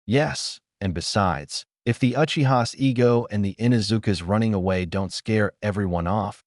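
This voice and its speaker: A man's voice: on the low side, moderate pace, no room sound, clean studio sound, natural voice. A man voicing a young male ninja who is polite but mocking. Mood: teasing.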